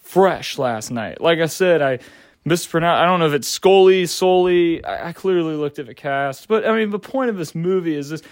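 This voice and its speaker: A young man reviews a film in a loose, rambling way, full of filler words and the odd casual curse. His voice sits a little higher than most men's, and the recording is dry and close, with no room sound. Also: lively intonation, moderate pace, no room sound. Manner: rambling, filler-heavy, slangy, swears casually. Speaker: movie reviewer.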